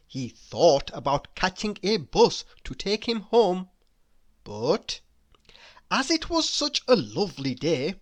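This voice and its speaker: Woman reading a children's story aloud, very slow, lively sing-song pitch, teasing asides. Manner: playful, teasing asides to the listener.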